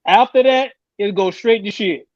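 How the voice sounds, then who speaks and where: Blunt high-voiced man, dull audio. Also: moderate pace, no echo. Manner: blunt, matter-of-fact. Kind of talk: casual chat.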